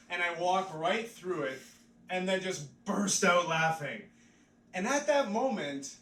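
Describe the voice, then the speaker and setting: Male stand-up comic with a rambling, offhand delivery, slightly high voice, heard from afar in a roomy pub. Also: fairly bright tone, distant mic, slight background noise. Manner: rambling and offhand, full of "like" fillers. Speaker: stand-up comedian. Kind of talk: live stand-up comedy. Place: pub stage, live audience.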